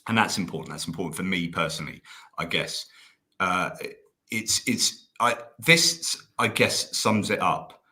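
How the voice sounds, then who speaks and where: A man with a bright, forceful voice and a somewhat low pitch, talking as a guest on a live stream. He speaks haltingly, with frequent restarts and fillers, and he is emotional at moments. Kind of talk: casual live-stream conversation.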